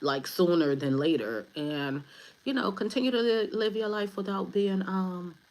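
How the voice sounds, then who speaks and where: A woman's voice: medium pitch, expressive, unhurried, a little mellow, rough recording. A woman giving a casual spiritual tarot reading to her viewers, rambling loosely, swearing freely and joking as she goes. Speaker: spiritual advisor, tarot reader.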